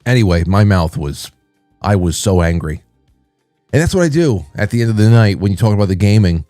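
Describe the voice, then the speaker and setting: A man's voice: on the low side, lively intonation, moderate pace, warm tone, dry recording, studio quality, soft background music. A man hosting his own show, rambling through stories and news in a wry, casual way. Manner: rambling, wry, restarts mid-sentence. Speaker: podcast host. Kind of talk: casual solo commentary.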